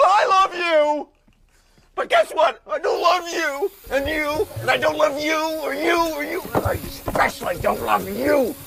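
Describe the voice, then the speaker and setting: An actor playing an excitable, insecure middle-aged father in a sitcom, stammering and emotional, prone to loud outbursts. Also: sits high. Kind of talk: sitcom acting.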